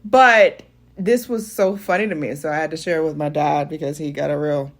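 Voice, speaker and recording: A woman's voice: sits low, a little fast. A young adult woman casually telling a funny personal story to her viewers, laughing often and calling them y'all. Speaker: vlogger.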